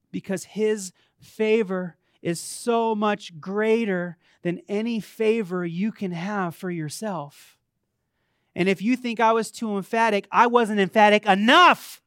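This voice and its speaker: High-pitched guy preaching in church, dry close sound, gets loud and pushy. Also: fairly even intonation, a little slow, dry recording. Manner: emphatic, calls out to the congregation. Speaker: pastor. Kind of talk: sermon. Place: church sanctuary.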